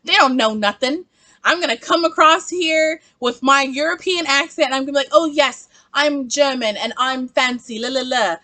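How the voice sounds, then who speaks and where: Smug fake heiress done by a woman, breezy singsong, bright and high. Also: normal speed, no echo. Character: smug con-woman heiress faking a European accent.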